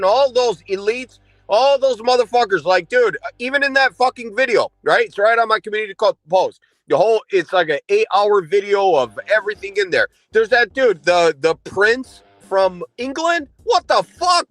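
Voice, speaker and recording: A man's voice: high-pitched, expressive, normal speed, a bit bright, no room sound, faint music behind. A man livestreaming an angry, profane, insulting rant.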